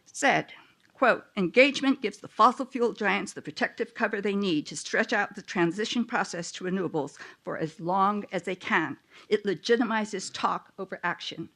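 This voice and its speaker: A woman's voice: mid-range voice, fairly bright tone. Firm woman reading a public comment. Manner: firm, urgent, reading out quotes. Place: public meeting room.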